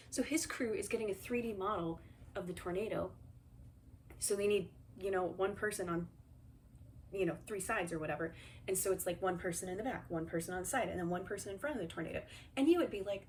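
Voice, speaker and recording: A woman's voice: mid-range voice, moderate pace, a little hiss or hum. A young woman giving a casual, chatty movie recap, sarcastic and full of fillers. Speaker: movie reviewer.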